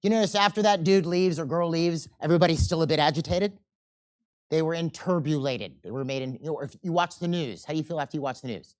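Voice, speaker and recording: A man teaching a seminar, animated and often checking in with the audience, and acting out quoted people in changing voices. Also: fairly high pitch, quick pace. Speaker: seminar instructor. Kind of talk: live seminar lecture.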